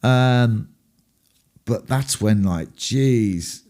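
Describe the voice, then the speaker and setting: A man's voice: medium pitch, very slow, darkish tone. A middle-aged man telling rambling, sweary rock stories, full of ums and asides. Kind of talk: casual storytelling to camera.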